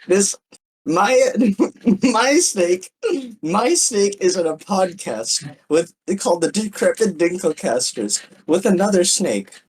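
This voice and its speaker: Excitable stammering podcast co-host. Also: mid-range voice, slow pace, slightly rough, poor audio. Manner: excitable, stammering, repeating words. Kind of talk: casual banter.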